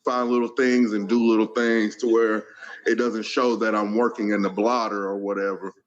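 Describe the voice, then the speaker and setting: A man's voice: lowish voice, flat delivery, normal speed, dull audio. A man speaking in a plainspoken, matter-of-fact way in casual podcast chat.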